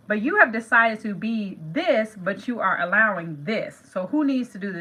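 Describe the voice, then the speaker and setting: A woman's voice: medium pitch, animated, moderate pace, sharp tone, low-quality recording. A middle-aged woman hosting a manifestation channel, talking casually and emphatically to viewers, repeating phrases and calling them "you guys". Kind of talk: casual talk to camera.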